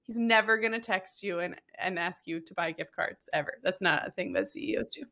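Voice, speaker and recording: A woman's voice: mid-range voice, brisk, vocal fry, bright, forceful tone. A woman podcast host in casual chat, telling a wry story and passing a warning on to listeners.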